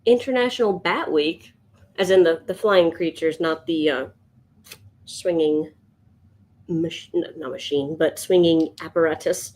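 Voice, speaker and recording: A woman streaming live as she sketches, chatting to viewers and thinking out loud, yawning now and then. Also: low voice, measured pace. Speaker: livestream sketch artist. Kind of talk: casual livestream chat.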